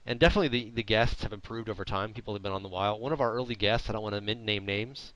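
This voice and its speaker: A man hosting a podcast in casual chat, droll and sarcastic with a deadpan wit and rambling asides. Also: on the low side, very fast, no echo, highs cut off. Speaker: podcast host.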